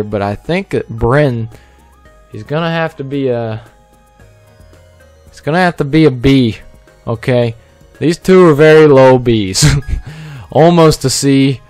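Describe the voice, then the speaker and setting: A man's voice: medium pitch, unhurried, long pauses, a little mellow, faint music behind. A man giving casual off-the-cuff commentary as he ranks fellow YouTubers, joking, stammering through restarts and tagging lines with "okay?". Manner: rambling, joking, repeats "okay?" often. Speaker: YouTuber ranking fellow creators.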